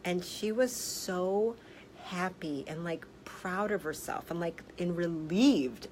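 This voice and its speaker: A woman health practitioner telling a story in a casual vlog, blunt and animated, swearing freely. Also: lowish voice, takes it slowly, slight background noise, poor audio. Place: office.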